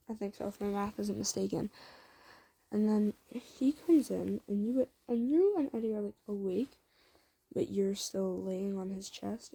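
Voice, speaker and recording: Rambling gravelly-voiced woman telling a story. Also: medium pitch, dark tone. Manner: rambling, lots of "like", self-commenting. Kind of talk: improvised fan-fiction storytelling.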